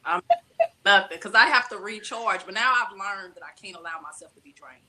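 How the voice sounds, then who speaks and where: A woman's voice: mid-range voice, brisk, noisy background. A woman on a live web chat show who talks reflectively, as if coaching herself through problems. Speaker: web show guest co-host. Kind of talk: casual chat.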